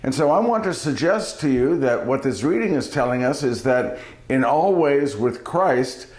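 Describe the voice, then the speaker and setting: A man's voice: medium pitch, animated, normal speed, darkish tone, roomy sound. A man giving a daily reflection as a preacher, telling a joke and then a homily, chuckling at his own jokes.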